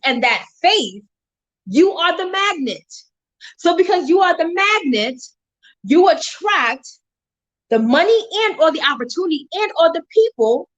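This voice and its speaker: A woman with a bright, high voice gives a faith testimony to her live-stream viewers. She talks with a preacher's emphasis and breaks into laughter often. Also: low-quality recording. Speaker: motivational speaker on a live stream.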